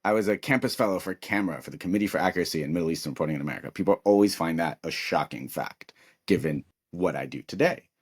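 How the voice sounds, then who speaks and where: A man talking casually on a podcast, telling a personal story with many fillers and quick mimicked quotes of other people. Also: low-pitched, slightly rough. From Israel. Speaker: podcast co-host. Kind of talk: casual conversation.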